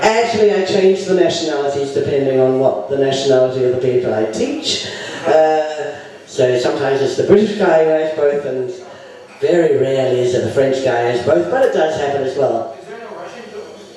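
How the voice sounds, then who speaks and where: A man's voice: medium pitch, lively intonation, fairly quick, dark tone. A man hosting a comedy night, chatting in a rambling, meandering way. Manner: rambling, many fillers and restarts. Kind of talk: chatty emcee banter. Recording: echoey room, mic from far off.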